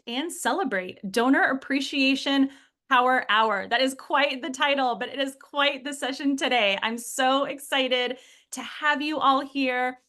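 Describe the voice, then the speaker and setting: An enthusiastic woman from Michigan hosts a live online webinar, her voice high and bright. She talks with bubbly energy over a video call, calling out attendees by name. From Michigan, USA. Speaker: webinar host. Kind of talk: upbeat live webinar hosting.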